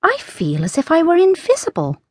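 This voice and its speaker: A woman's voice: very high-pitched, wildly swooping pitch, fairly quick, no room sound, clean studio sound, voice pushed up, heavily acted. A woman voicing a curious, polite young girl in a storybook, sounding eager and full of wonder.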